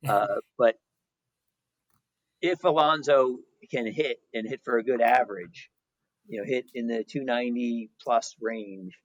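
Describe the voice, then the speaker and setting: A man's voice: medium pitch, a little slow, poor audio. A man co-hosting a podcast, chatting casually and hesitantly about baseball with lots of restarts. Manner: hesitant, many restarts and fillers. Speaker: podcast co-host. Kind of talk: casual sports chat.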